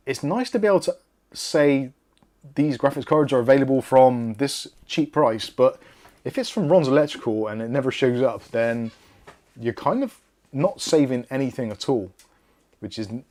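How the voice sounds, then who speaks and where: A man with a Bristolian accent runs a laid-back live stream, chatting, joking and reading viewers' comments aloud, with self-deprecating asides along the way. His voice is mid-range, unhurried and somewhat dark.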